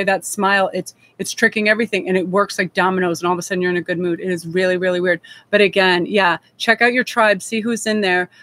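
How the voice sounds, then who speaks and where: A woman's voice: medium pitch, fairly bright tone, dry recording. A woman reading tarot on a live stream, talking in a gushing, heartfelt and rambling way. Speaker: tarot reader.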